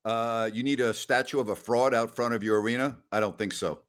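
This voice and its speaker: A man hosting a sports talk show, ranting loudly and scornfully with heavy emphasis. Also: mid-range voice, fairly even intonation, a little fast. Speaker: sports radio host.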